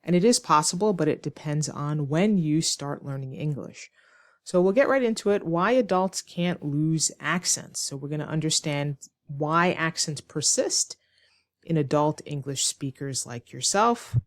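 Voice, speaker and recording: A woman teaching an online English lesson, explaining slowly and clearly with rhetorical questions to her students. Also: sits low, expressive, no room sound, clean studio sound. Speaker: ESL teacher.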